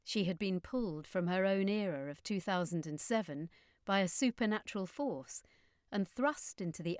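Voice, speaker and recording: A woman narrating a storybook with a measured, expressive reading. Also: fairly low pitch, dry recording, studio quality. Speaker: audiobook narrator.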